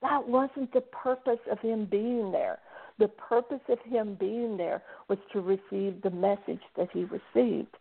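Gravelly woman on a tinny phone line. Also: medium pitch, unhurried, dry recording. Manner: chatty storyteller, quotes spirits and clients. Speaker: psychic medium guest. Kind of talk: casual phone interview.

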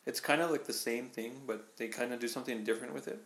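A man co-hosting a casual podcast chat, laid-back and quick to laugh. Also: medium pitch, a bit bright, reverberant. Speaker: podcast co-host.

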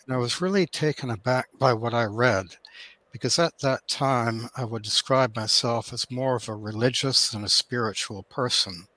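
Measured older man with Canadian-Australian accent. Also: medium pitch, sharp tone, no room sound. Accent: mixed Canadian and Australian. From Thunder Bay, Canada. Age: 70s. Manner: measured and formal. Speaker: guest author. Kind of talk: interview answers.

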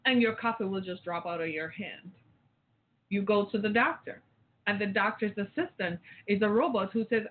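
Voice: medium pitch, normal speed. Phone caller, impassioned rambling rant, repetitive, rhetorical questions, tinny line. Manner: emphatic, rambling, repeats phrases, rhetorical questions. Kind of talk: impassioned talk-show rant.

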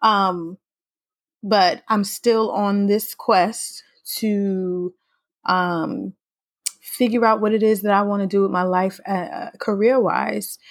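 A woman in her thirties hosting her own podcast, talking in a casual, playful, fast and slangy way. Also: mid-range voice, gravelly, no room sound, clean studio sound. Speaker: podcast host. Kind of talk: casual solo podcast chat.

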